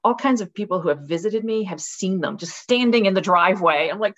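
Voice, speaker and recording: A woman's voice: medium pitch, brisk, few pauses, lo-fi sound. A woman guest author talking casually and animatedly in an interview over a video call from her rural home. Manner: animated, acts out voices with laughs.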